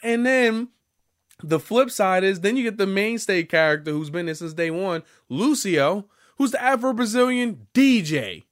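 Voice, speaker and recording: Young male gaming vlogger, animated and profane, with a slightly high voice. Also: unhurried. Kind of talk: casual profane rant.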